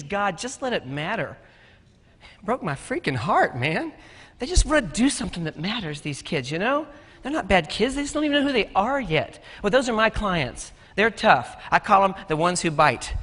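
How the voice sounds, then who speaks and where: High bright guy telling jokey folksy stories on a stage, big echoey hall. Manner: folksy, joking storyteller. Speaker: conference speaker. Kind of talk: storytelling keynote talk. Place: conference stage.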